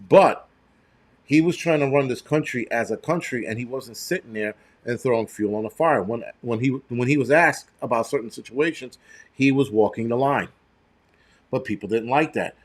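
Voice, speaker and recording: A middle-aged man hosting a live stream, talking in a loose, rambling way and breaking into profane, heated rants with many restarts. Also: medium pitch. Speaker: show host.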